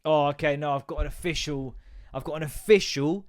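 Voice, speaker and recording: A man's voice: a little high, a little fast. Sweary man ranting on a podcast. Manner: ranting, sweary, self-mocking. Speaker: podcast host and comedian. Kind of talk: solo comedy podcast rant.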